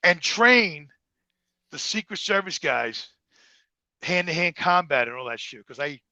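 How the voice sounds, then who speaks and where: A middle-aged man with a New Jersey accent, telling profane, animated stories in a casual interview and acting out the dialogue. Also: a little high, unhurried, dry recording. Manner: profane, animated storyteller who acts out quoted dialogue. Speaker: guest.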